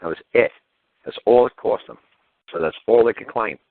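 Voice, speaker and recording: Very deep voiced guy on radio, swears a lot, heated, dry tinny phone sound. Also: normal speed, creaky, dry recording. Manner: blunt, profane, heated storytelling. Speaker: radio show host. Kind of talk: call-in radio talk. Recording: phone-like narrow audio.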